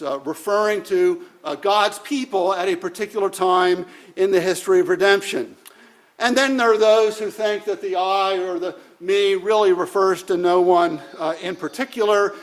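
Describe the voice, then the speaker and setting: A man delivering a sermon at an unhurried pace. His voice sits high for a man, and he talks in a measured way, dropping in frequent "uh" fillers as he works through his points. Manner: measured, deliberate, with many "uh" fillers. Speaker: preacher.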